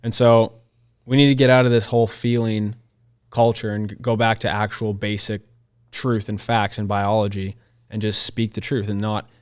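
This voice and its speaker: A man's voice: fairly low pitch, level tone, moderate pace, clean tone. A man co-hosting a Christian podcast, talking in an earnest, emphatic way and repeating his key phrases. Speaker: podcast co-host. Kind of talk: conversational Christian podcast discussion.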